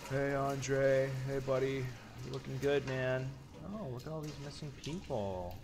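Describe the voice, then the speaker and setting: A man's voice: mid-range voice, creaky. A man in his thirties streaming a horror game, reacting aloud, swearing and talking to his chat. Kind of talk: live gameplay commentary.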